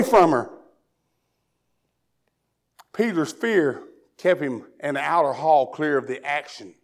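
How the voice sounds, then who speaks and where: High-voiced Tennessee preacher. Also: male voice, animated, slow pace, long pauses. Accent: Southern US, Tennessee. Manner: swings from hushed prayer to loud, fervent preaching. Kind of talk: sermon.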